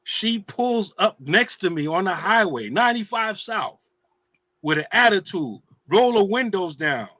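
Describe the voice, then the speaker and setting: A man hosting a casual talk show, telling teasing stories in an animated way. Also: high-pitched, a little slow, dry recording. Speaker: show host.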